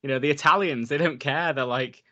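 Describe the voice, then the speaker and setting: A podcast co-host chats casually about films in a slightly high, slightly quick voice with a sharp edge. He's laid-back and rambling, dropping "like" constantly and reading facts aloud.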